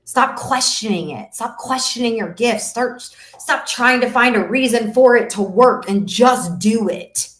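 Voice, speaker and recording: Unhurried yet barely pausing, a fairly bright, slightly high female voice leads a motivational webinar. The business coach hosts a masterclass in an emphatic, preachy, faith-driven style, repeating phrases for impact, and the room gives the audio a roomy echo.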